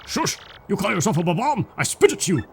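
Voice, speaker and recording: A man's voice: high-pitched, very animated, gravelly, slight background noise, pitched above the performer's own voice, exaggerated voice. A man doing a stubborn old Bob-omb mayor. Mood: indignant. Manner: halting broken speech, clumsy Russian-style attempt. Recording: game music behind.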